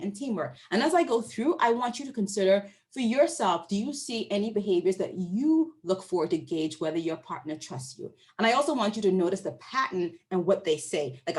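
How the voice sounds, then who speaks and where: This is a woman scholar walking an audience through her study. Her pitch rises and falls expressively around a middle register. She keeps the talk informal, drawing her listeners in with questions and quick check-ins. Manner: lively and conversational, asks the audience questions and often checks in with "right?"; acts out her interviewees' voices when quoting them. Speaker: university researcher presenting findings. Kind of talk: academic presentation to an online audience.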